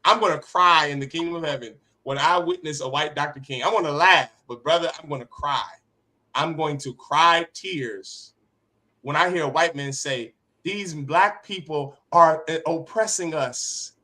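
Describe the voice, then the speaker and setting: A man preaches to a class with a fiery, forceful delivery and a fairly high voice. His tone is sharp and bright, and he hammers points home by repeating phrases. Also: moderate pace. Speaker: teacher of a religious class. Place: classroom with others present.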